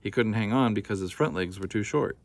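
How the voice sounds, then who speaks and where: A man reading a children's picture book aloud in a gentle, unhurried way, with casual asides. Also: fairly low pitch, no echo.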